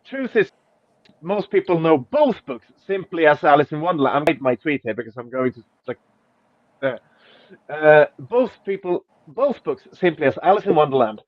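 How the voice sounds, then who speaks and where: Brash host, sweary and mocking, slightly high voice, dull lo-fi recording. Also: male voice, dry recording. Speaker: podcast host. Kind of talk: casual chat, reading out tweets. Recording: dull lo-fi, dry.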